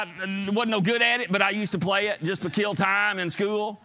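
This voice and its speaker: A middle-aged man preaching a sermon in church, telling folksy stories and building to shouted exhortations. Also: high voice, steady tone, normal speed. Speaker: pastor. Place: church sanctuary.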